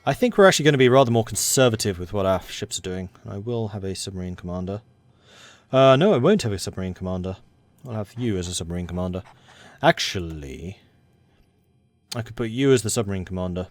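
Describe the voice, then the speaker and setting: A man's voice: lowish voice, lively intonation, fast talker, no room sound. A man giving casual commentary on a strategy game, thinking aloud and correcting himself as he goes. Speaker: game streamer.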